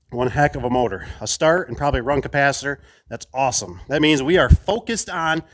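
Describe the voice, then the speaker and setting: A man who installs garage doors, chatting casually to viewers while unboxing an opener, enthusiastic and prone to rambling asides. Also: on the high side.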